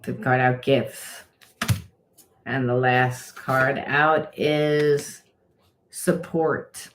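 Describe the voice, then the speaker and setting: A woman's voice: rumbling low, steady tone, very slow, a little hiss or hum, rough recording. A middle-aged woman giving a casual spoken tarot reading, frank and rambling, with lots of fillers and the odd curse word. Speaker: tarot reader and trauma coach.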